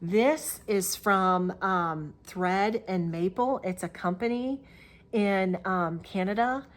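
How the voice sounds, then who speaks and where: A woman's voice: mid-range voice, slow. A middle-aged woman chats through a casual show-and-tell crafting vlog. She rambles, restarts her sentences and fills gaps with "um". It sounds like a camera mic in her crafting room at home. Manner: chatty, rambling, with many fillers and restarts. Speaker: Flosstube host.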